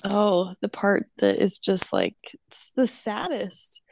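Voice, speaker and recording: A woman's voice: medium pitch, huge pitch swings, slow pace, vocal fry, a little mellow, slight background noise. A young woman in a casual chat, speaking in a nostalgic, hesitant way with many fillers.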